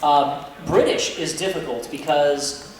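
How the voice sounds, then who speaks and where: A man appears as a guest voice actor on a convention panel, chatting away and laughing often. His voice is a little high and a little mellow, unhurried in pace, with slight hiss or hum. He's recorded from far off in an echoey convention hall with crowd ambience around him.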